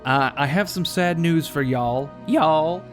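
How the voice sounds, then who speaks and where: A man's voice: a little high, a little slow, a bit bright, faint music behind. A man hosting a let's play, talking through his game in a rambling, jokey way and often correcting himself mid-sentence. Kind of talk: casual gameplay commentary.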